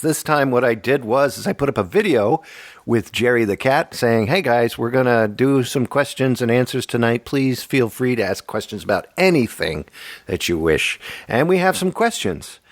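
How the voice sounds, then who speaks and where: On clean studio sound with no echo, a fifty-something man hosts a casual podcast, telling lively stories, joking and laughing a lot. His pitch is medium and his pace moderate.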